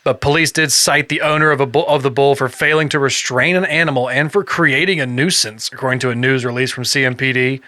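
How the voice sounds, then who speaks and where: A man's voice: mid-range voice, fairly even intonation, quick pace, few pauses, bright, forceful tone, no room sound. A man co-hosting a casual podcast, joking and laughing often and now and then slipping into silly voices. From North Carolina, USA. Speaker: podcast co-host.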